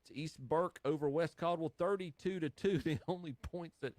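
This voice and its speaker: Upbeat man reading high school football scores. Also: a little mellow, no room sound. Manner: rapid score rundown, laughs often. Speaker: radio show host. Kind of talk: live sports scoreboard radio talk. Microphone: studio microphone.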